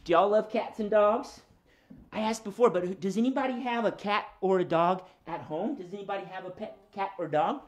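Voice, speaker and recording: A man's voice: high-pitched, fairly quick. A man hosting a children's show, chatty and encouraging, talking straight to the kids watching. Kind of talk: friendly children's show patter.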